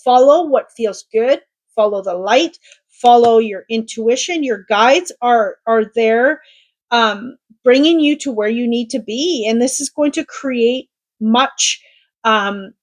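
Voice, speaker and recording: Reassuring woman reading tarot. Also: a little high. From Canada. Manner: gentle, reassuring, with many fillers and restarts. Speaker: tarot reader. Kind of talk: intuitive tarot reading to camera.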